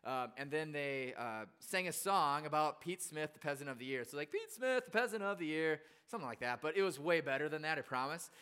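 A man's voice: on the high side, brisk, few pauses, pushed and bright, clean tone. A male pastor preaching a casual storytelling sermon in a chatty, self-deprecating way. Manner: chatty and self-deprecating, with frequent fillers and restarts.

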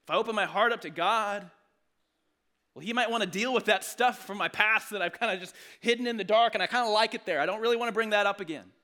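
A man delivers a sermon in a conversational, earnest way, restarting phrases as he goes. His voice sits high and sounds bright and forceful. He swings from loud emphasis to quiet, low asides. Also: quick pace. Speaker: pastor.

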